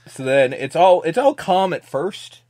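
A man recaps a film for his podcast, animated and profane, tossing off quick impressions of the characters. His voice sits a little high, and the sound is close and dry. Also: no echo. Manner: animated, swearing, acts out movie lines in quick voices. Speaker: podcast host. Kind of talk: casual movie recap chat.

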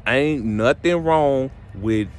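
A man's voice: medium pitch, slow pace. Preachy young man talking to camera. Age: young adult. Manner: preachy, repetitive, restarts phrases, rises to emphatic peaks. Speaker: vlogger giving relationship advice. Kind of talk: casual motivational talk to camera.

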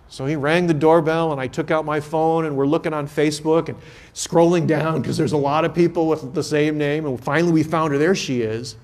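A man's voice: on the high side, a little mellow. A man, a priest, giving a homily at a confirmation Mass and telling stories in an earnest, conversational way.

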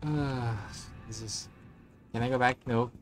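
A woman's voice: a bass voice, fairly even intonation, a little slow, a little hiss or hum. A woman streaming a horror game, reacting with nervous exclamations and muttered curses. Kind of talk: casual gameplay commentary.

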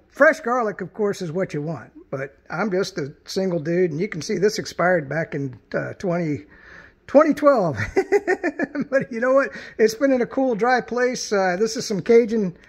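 An older man talks in a loose, rambling vlog style, full of restarts and small chuckles. His voice sits noticeably high for a man. The delivery is folksy and offhand. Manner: chuckles often. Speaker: channel host. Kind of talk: casual vlog commentary.

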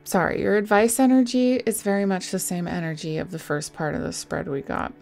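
A woman giving a casual tarot reading into a desk microphone, soft and reassuring, with sighs and small laughs. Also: mid-range voice, fairly even intonation, fairly quick, creaky, soft background music. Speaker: tarot reader.

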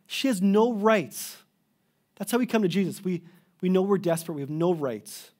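A Canadian pastor in middle age preaches with earnest, pleading emphasis, now and then breaking off to restart a phrase. His voice is slightly high yet mellow and warm, expressive, at a moderate pace.

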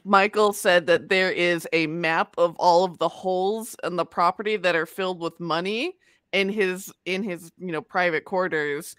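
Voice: mid-range voice, moderate pace, a bit bright, clear, resonant tone, no room sound, clean studio sound. A player in a tabletop game who recounts events in an amused way.

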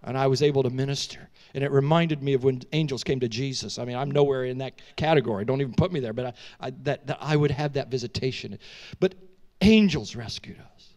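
A middle-aged man preaching in a church, telling a dramatic story with animated delivery, frequent restarts and questions to the audience. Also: medium pitch, fast. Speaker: guest preacher. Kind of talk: storytelling sermon. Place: church sanctuary.

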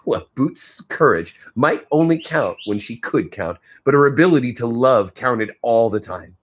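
A man's voice: mid-range voice, expressive, measured pace, slightly rough. A male teacher reading a novel aloud to his class, stopping now and then to comment on the story.

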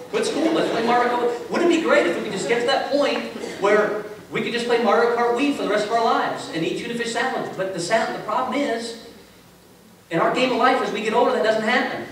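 A man preaching a sermon as a pastor, telling stories in a relaxed, conversational way with self-mocking humor. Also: high-pitched. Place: large echoey church sanctuary. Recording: echoey hall from far off with faint hiss.

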